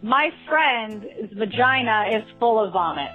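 A woman speaks bluntly and matter-of-factly in an interview, her pitch a little high. The sound is slightly muffled, with faint music in the background. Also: lively intonation, a little slow. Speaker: interviewee, friend. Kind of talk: casual interview.

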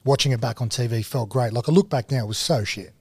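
A man in his thirties with an Australian accent, a TV host and former rugby league player, telling animated, slangy stories as a podcast guest. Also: mid-range voice, fast talker, husky, no echo, clean studio sound. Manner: animated, laid-back storyteller, slangy. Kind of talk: casual storytelling interview.

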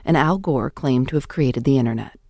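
Deep-voiced woman narrating a podcast. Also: fairly quick. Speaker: podcast host. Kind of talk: scripted narration and interviewing.

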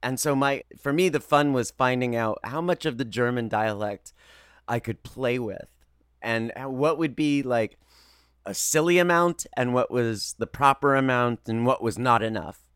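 A man who works as a voice actor, telling stories in an interview in a lively, expressive way. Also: mid-range voice, measured pace, clean tone, no echo, studio quality. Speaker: voice actor guest. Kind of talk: animated interview storytelling.

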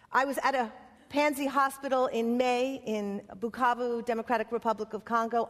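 A woman playwright and activist giving a conference speech in impassioned, rhythmic lists. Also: fairly high pitch. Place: conference hall. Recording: long hall reverb.

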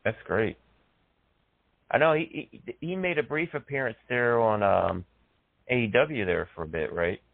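A man's voice: medium pitch, unhurried, gravelly, long pauses, dry recording. A man hosting a casual chat, enthusiastic and laughing often. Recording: dry, phone-like sound.

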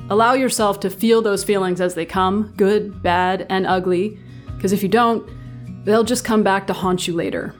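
A middle-aged woman co-hosting a podcast, reflecting on parenting and summing up advice. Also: mid-range voice. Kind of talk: podcast co-host conversation.

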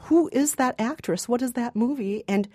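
A woman's voice: on the high side, moderate pace, a little mellow, soft background music. A woman co-hosting a movie podcast, bantering casually and laughing often. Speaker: podcast co-host.

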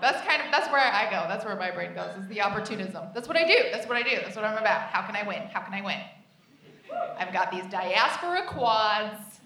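A woman from the United States performing stand-up comedy on a live stage, with deadpan, repeated punchlines. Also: mid-range voice, normal speed, creaky. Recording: echoey live venue, distant mic, noise.

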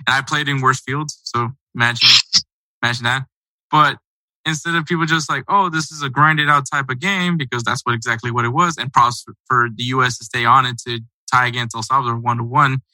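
A man's voice: medium pitch, steady tone, a little fast, pushed and bright, no room sound, poor audio. A man hosting a casual sports podcast, talking in a loose, rambling, conversational way. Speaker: podcast host.

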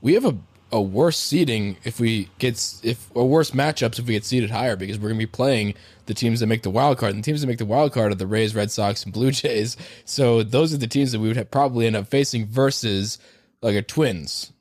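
A man co-hosts a casual sports podcast and explains his reasoning at length. His voice is middle-pitched and recorded dry and close. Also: a little fast, a little mellow, no room sound. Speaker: podcast co-host.

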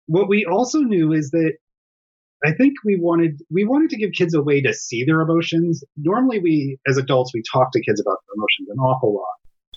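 A man's voice: fairly high pitch, expressive, a little fast, breathy edge, highs cut off. A middle-aged man, a developmental psychologist, explaining his work earnestly as a guest in a remote interview from home. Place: home during lockdown.

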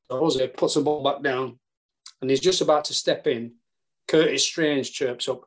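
A man with a Yorkshire accent, a golf caddie guest telling lively stories with casual swearing. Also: mid-range voice, moderate pace. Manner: animated, earthy, casual swearing. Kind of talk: storytelling chat.

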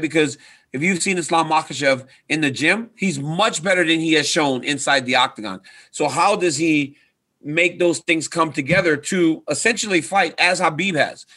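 A man's voice: fairly high pitch, sharp tone. A man in his thirties, a retired fighter, talking earnestly in a casual interview and often checking in with "right?". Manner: earnest, repeats "right?" for emphasis. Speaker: retired fighter and coach, guest.

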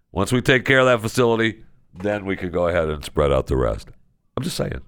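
A man's voice: fairly low pitch, very animated, brisk, fairly bright tone, no room sound, studio quality. A man hosting a podcast, delivering a casual comedic monologue in a sarcastic, mock-outraged rant. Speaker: podcast host.

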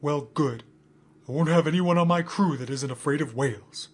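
A man's voice: fairly high pitch, normal speed, slightly rough. A man playing a stern, whale-fearing first mate. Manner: stern, commanding.

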